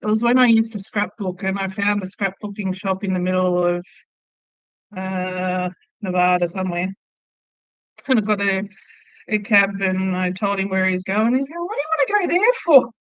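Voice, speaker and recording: Australian woman, casual livestream host, mid pitch, slightly muffled dry recording. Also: little pitch movement, moderate pace, clean tone, no echo. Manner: chatty, laughs often, tells stories. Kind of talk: casual live chat reading viewer comments.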